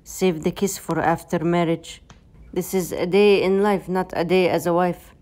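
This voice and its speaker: A young woman narrating a comedic day-in-the-life vlog in playful, deliberately broken English. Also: lowish voice, fairly even intonation, darkish tone. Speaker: comedy vlogger.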